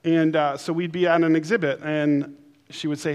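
Guy preaching in church, kinda high voice, goofy voices in stories then goes quiet and slow on the big points. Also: level tone, smooth. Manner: storytelling with playful put-on voices, then slowing and softening for emphasis. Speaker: pastor. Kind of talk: sermon.

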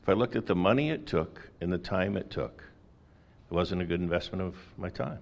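A man's voice: low-pitched, brisk, creaky. A middle-aged man preaching a sermon in a conversational way, with folksy asides and rhetorical questions. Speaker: pastor.

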